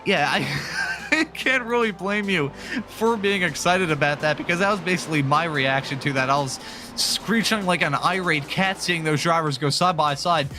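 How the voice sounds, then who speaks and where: A man's voice: on the high side, moderate pace. A man commentating a sim racing broadcast, chatty and upbeat, joking between race calls. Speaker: lead commentator. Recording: faint music bed behind.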